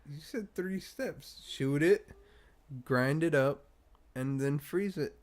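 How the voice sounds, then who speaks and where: A man's voice: fairly high pitch, slow, a little mellow. A man co-hosting a casual podcast in a laid-back, joking way, swearing freely. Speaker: podcast co-host. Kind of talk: casual chat.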